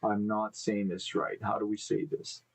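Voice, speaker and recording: Speaking at normal speed in a fairly low, monotone voice with vocal fry, a man hosts a casual live stream from an indoor room with live beehives. He reads news aloud, stumbling on names and pausing to think out loud, on a rough recording with slight background noise.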